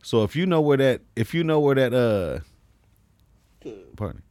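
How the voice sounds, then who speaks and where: A man spinning crude, rambling stories on a casual podcast and often laughing as he goes. His voice sits at an ordinary pitch, and the close mic keeps it dry, with no room sound. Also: very animated, measured pace, a little mellow, dry recording. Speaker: comedian.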